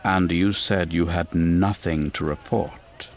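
A man voicing a cool, menacing Imperial officer who speaks slowly and quietly threatens. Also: sits low, steady tone, voice pushed down. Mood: cold, probing.

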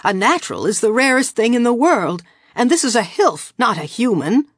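Sharp bossy old witch lady read by a woman, a bit higher than the narration, dry close sound. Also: very animated, normal speed, slightly rough, no room sound. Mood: sharp dismissive. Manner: sharp, dismissive.

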